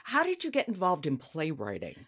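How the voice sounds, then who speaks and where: A woman's voice: sits low, huge pitch swings, brisk, a bit bright, slightly rough. A woman interviewing a guest, laying out her thoughts before asking questions.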